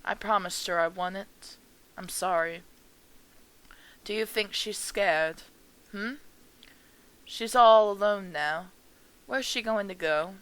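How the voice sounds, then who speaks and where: A frail old mother mourning at a funeral in a visual novel game, voiced by a woman, soft and trembling. She speaks slowly, in a smooth, slightly low voice that lingers on each word. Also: poor audio. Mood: grieving. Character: grieving elderly mother at a funeral, gentle.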